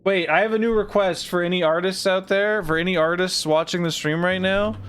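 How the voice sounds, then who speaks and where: A man's voice: high-pitched, fairly even intonation, fairly quick, fairly bright tone, clear, resonant tone. Goofy young male streamer. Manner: goofy, joking, swears, laughs often. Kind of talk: casual game stream commentary.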